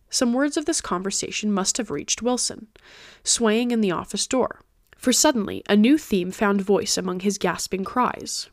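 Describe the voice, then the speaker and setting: A woman podcast host narrating a classic novel in a steady audiobook reading. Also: mid-range voice, moderate pace, few pauses, no room sound, studio quality.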